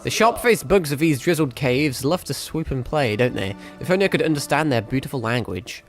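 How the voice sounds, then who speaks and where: A man's voice: medium pitch, animated, a little fast, faint music behind, natural voice. A man voicing a courteous young male wanderer in a game, speaking in a posh, formal, old-fashioned way. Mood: courtly. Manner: posh, archaic formal speech.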